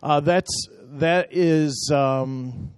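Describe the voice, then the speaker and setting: A man's voice: on the high side, drawn-out words, clear, resonant tone, no room sound, clean studio sound. A man talking a church through slides from a mission trip, chatty and emotional, telling the operator to move on.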